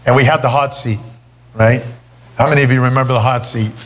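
A man's voice: mid-range voice, steady tone, fairly quick, a bit bright. A middle-aged man preaching a sermon, telling a personal story in a conversational way. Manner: storytelling, conversational, many restarts. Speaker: pastor.

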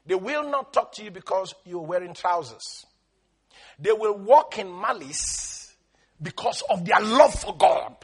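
High-voiced pastor guy preaching, kinda husky, yells scripture and gets the crowd to say stuff back. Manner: preaching with calls and responses, rising to shouts; quotes scripture in King James wording. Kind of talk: sermon.

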